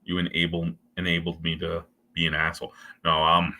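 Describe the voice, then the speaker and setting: A man's voice: low voice, completely flat delivery, a little fast, pushed and bright. A man hosting a casual beer review livestream from home, rambling and joking crudely with his chat.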